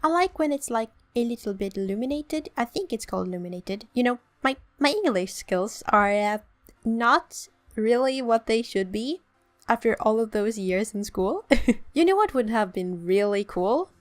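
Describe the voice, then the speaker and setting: A woman's voice: a little high, animated, moderate pace. Chatty Swedish woman narrating gameplay. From Sweden. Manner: chatty, self-deprecating, explains as she builds. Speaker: let's play host. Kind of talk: casual gameplay commentary.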